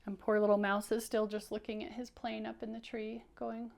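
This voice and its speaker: A woman teaching young children, reading aloud with an encouraging, animated manner. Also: a little high, moderate pace, gravelly. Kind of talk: children's read-aloud lesson.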